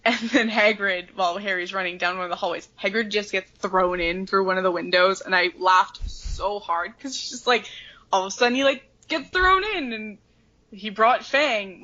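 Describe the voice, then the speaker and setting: A woman's voice: medium pitch, normal speed, bright, forceful tone, lo-fi sound. A woman co-hosting a podcast, chatting casually and animatedly about a book, swearing freely and acting out the characters. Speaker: podcast co-host.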